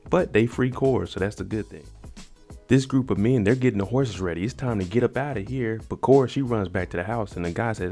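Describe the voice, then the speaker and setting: A man retells a TV episode in a loose, conversational way, dropping in slang as he goes. His voice is deep and mellow, and soft music plays faintly behind him. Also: quick pace, vocal fry. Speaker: TV episode recapper. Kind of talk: casual episode recap.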